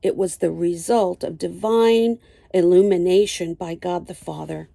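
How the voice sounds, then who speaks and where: An older woman teaching a Bible lesson, reading slowly and deliberately and citing chapter and verse. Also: fairly low pitch, fairly even intonation, vocal fry, dark tone, no echo.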